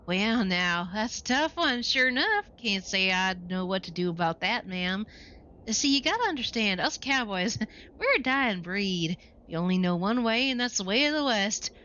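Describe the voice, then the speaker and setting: A woman voicing a folksy, wistful old male cowboy who talks in a slow Western drawl. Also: mid-range voice, very animated, pushed and bright, highs cut off.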